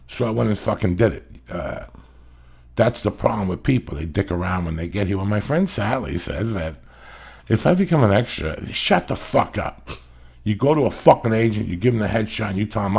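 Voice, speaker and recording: A middle-aged man with a gravelly, husky voice that sits fairly low, talking in a casual podcast chat. He rambles through his stories, swears constantly and hammers home every point. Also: expressive, brisk, a little mellow. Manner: profane, rambling, emphatic storyteller. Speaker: podcast host.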